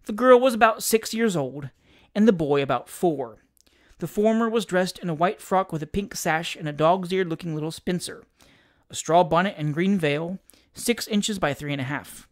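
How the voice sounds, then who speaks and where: An audiobook narrator giving an expressive, theatrical scripted reading of a classic comic story. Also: medium pitch, moderate pace.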